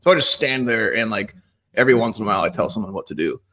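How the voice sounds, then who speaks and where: Deadpan joking man, podcast guest. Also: fairly low pitch, fast talker. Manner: deadpan joking, rambling asides. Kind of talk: casual podcast banter.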